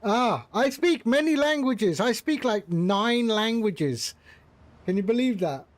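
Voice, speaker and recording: A man's voice: very high voice, lively intonation, slow pace. A man casually chatting with his live-stream viewers while flying a simulator, greeting them by name and joking around. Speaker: flight sim streamer.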